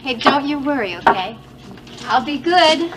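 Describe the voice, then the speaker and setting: A woman's voice: high voice, expressive, measured pace, noisy background. An actress playing a hesitant young woman on a summer job in a 1980s TV soap opera. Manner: hesitant, modest.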